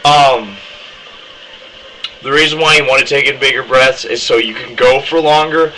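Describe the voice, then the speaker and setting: A man's voice: mid-range voice, fairly even intonation, a little fast, crowd noise, rough recording. A young man casually explaining how he does his screamed metal vocals, rambling with lots of ums. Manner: rambling, many ums, demonstrates harsh screams. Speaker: vocalist teaching screaming technique.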